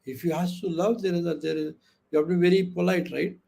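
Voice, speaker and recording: A man's voice: high-pitched, fast, vocal fry. A man giving an interactive online lecture, often asking the audience questions and filling with "okay" and "you know", speaking over a video call microphone. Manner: acts out quoted speech with lively voices. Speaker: webinar trainer.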